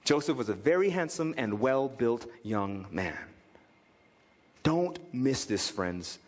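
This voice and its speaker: A male pastor preaching a sermon in an animated way, often slipping into the voices of the people in his examples. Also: medium pitch, slow pace. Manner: animated, acts out quoted voices. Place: church sanctuary. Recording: reverberant church hall.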